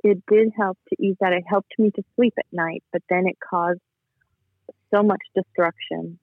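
A man's voice: sits high, steady tone, no room sound. Man on a tinny phone line. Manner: earnest, halting, emotional. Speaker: guest. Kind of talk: personal testimony.

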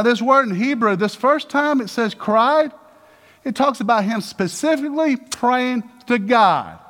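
Male pastor, energetic sermon delivery, high and swooping voice, acts out Bible voices. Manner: animated, calls out to the congregation, acts out voices of Bible figures.

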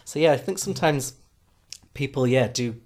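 A young man from Yorkshire with a softened Yorkshire accent, co-hosting a podcast in easy, chatty conversation. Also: mid-range voice, moderate pace. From Huddersfield, Yorkshire, England. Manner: chatty and animated, jumps into little acted-out exchanges. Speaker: podcast co-host. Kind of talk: casual podcast chat.

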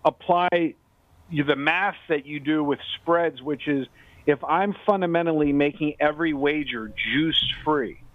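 A man's voice: on the high side, a little slow, no room sound. A man from Seattle hosting a sports betting radio show, talkative and insistent as he explains his points. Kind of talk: casual radio banter. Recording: dry phone-line sound.

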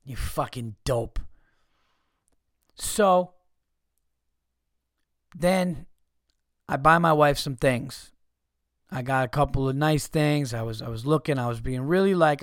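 A man with a somewhat high voice tells a comic story on his podcast, swearing freely and mocking the people in it. He sounds fed up and exasperated. The sound is dry and close, with no room around it. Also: clear, resonant tone, dry recording. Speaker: podcast host.

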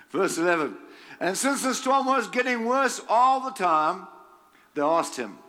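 Slow, bright-voiced preacher man. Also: sits high, big pitch swings. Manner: slow, emphatic delivery with chuckles. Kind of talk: sermon reading scripture with commentary.

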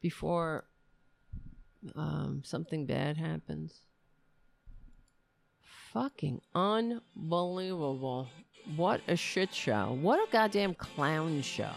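A woman's voice: sits low, expressive, slow pace, vocal fry, long pauses, dry recording, soft background music. A woman hosting a podcast, delivering angry political commentary in a sarcastic, profane rant. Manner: sarcastic, profane ranting with mocking voices. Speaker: podcast host.

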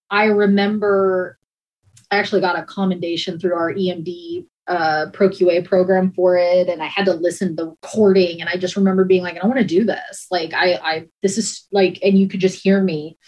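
A woman and former emergency dispatcher recounting hard calls in a halting, emotional way, with many restarts and pauses. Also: lowish voice, level tone, lo-fi sound. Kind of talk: personal account in a conversation.

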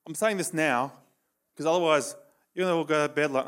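A man delivering a sermon in a voice a little higher than most men's. He tells stories and drives his points home with sudden bursts of emphasis. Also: a little fast, clean tone. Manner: storytelling, animated, with bursts of emphasis. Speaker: preacher.

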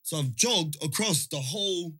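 Young man, bright and sharp, animated storyteller in casual chat, dry close sound. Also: a little high, slightly rough, dry recording. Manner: animated storyteller, slangy, fast and loud.

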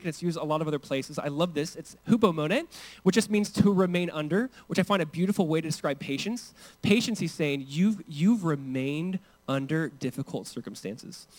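Young male pastor, high-pitched, casual conversational sermon delivery. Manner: conversational, animated, frequent "like" asides.

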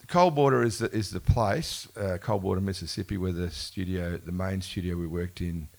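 A man's voice: sits low, normal speed, vocal fry, darkish tone. A man telling rambling stories in casual conversation, correcting himself often and laughing as he goes. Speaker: musician being interviewed. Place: bookshop event before a live audience. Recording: live event recording.

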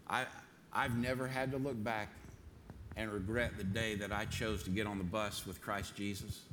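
Bright-voiced folksy preacher man. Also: mid-range voice, slight background noise. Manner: folksy storytelling preacher, repeats phrases for emphasis. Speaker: pastor. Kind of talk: sermon. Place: church sanctuary.

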